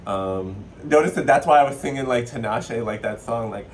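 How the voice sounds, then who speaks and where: A man giving a casual spiritual tarot reading, chatty and excitable, with a playful, sassy way of talking. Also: mid-range voice, normal speed, distant mic, a little hiss or hum. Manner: playful, sassy, slips into joking accents. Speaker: tarot reader.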